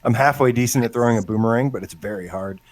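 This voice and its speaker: A man's voice: mid-range voice, fast talker. A man co-hosting a live gaming podcast, rambling with hesitant, filler-heavy chat. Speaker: podcast co-host.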